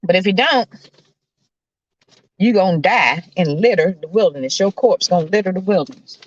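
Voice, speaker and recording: A woman host preaching as a self-described coach preacher, emphatic and hollering, her voice swinging high and low. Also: expressive, moderate pace, lo-fi sound.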